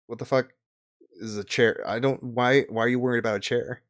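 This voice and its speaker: A man's voice: low-pitched, fairly even intonation, moderate pace. A man voicing a blunt, suspicious crew boss in a tabletop game. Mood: baffled. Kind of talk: game master voicing a character.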